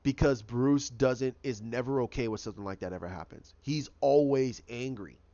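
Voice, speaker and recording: A man's voice: medium pitch, moderate pace, mellow, muffled recording. A man giving a casual, rambling recap of a TV episode, often repeating himself and restarting his sentences. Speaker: show recap host.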